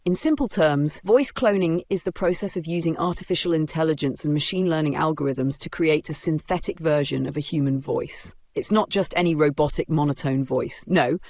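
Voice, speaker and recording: A woman's voice: low voice, brisk, few pauses, darkish tone. A woman hosting a podcast, delivering a scripted monologue with punchy emphasis and rhetorical questions. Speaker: podcast host.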